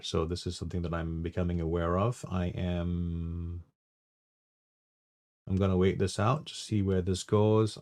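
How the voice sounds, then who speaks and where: A man with a low voice talks through his trades live as the stream's host. His voice has a gravelly fry, and he thinks aloud in a halting way, restarting and trailing off. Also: a little mellow. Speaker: trading livestream host. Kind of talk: live trading commentary.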